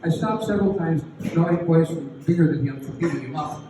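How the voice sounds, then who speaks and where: A man's voice: fairly high pitch, fairly quick, a little hiss or hum. Older man telling a folksy tale, echoey hall. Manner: folksy, animated storytelling with chuckles. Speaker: retired English teacher. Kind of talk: anecdote at a class reunion. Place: reunion hall. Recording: echoey hall recorded from far off.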